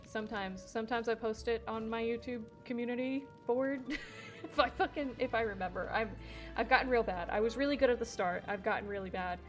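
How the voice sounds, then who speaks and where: A young woman streamer chats casually as she plays, rambling along, swearing freely and laughing a lot. Her voice sits on the high side and moves a little fast, with background music behind her on the gaming stream.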